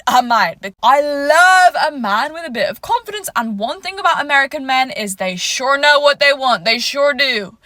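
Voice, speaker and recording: A woman's voice: high voice, expressive, moderate pace, hardly any pauses, pushed and bright, no echo. A woman vlogger talking playfully and teasingly in a casual vlog to camera.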